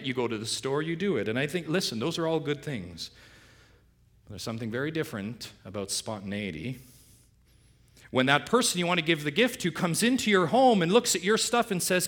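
A man's voice: fairly high pitch, lively intonation, fairly quick, a bit bright. A middle-aged male pastor preaching a sermon, asking rhetorical questions and swinging his voice up for emphasis.

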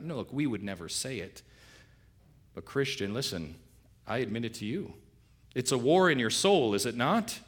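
A man's voice: mid-range voice, big pitch swings, normal speed. A middle-aged male pastor preaching a sermon, asking rhetorical questions and swinging his voice up for emphasis.

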